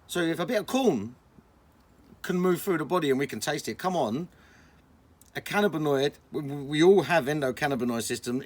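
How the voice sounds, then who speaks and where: A young man, chatting casually and excitably on a vlog, full of slang. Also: fairly high pitch. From England. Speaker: vlogger.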